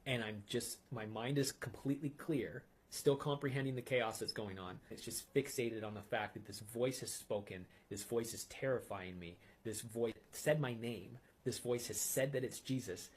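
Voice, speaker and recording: A man telling a personal testimony in an intense, earnest way, sometimes dropping to a hushed whisper. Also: mid-range voice, normal speed, hardly any pauses, slightly rough.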